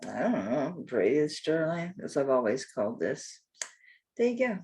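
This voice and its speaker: An older woman with a deep, mellow, husky voice sells jewelry on a live stream, speaking a little slowly but very animatedly. She rambles and talks to herself while looking items up, cursing mildly now and then.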